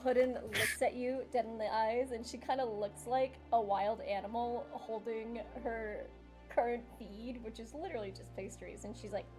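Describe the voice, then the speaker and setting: A woman game master narrating a tabletop session in a casual, giggly way, with the odd swear word. Her voice sits a little high, and soft music runs in the background. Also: fairly even intonation, normal speed.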